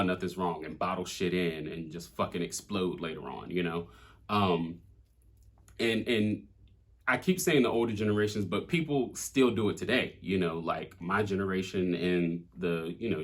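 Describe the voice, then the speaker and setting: Low husky man talking candidly. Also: a bit bright. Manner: candid, frequent swearing and fillers. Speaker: rapper breaking down his own track. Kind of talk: casual reflective talk.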